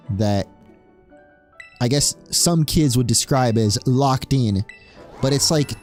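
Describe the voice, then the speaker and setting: A man's voice: mid-range voice, darkish tone. A young man from Spain giving casual, jokey commentary on his video game playthrough and cheering at the screen. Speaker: streamer playing a game. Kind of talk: casual let's play commentary.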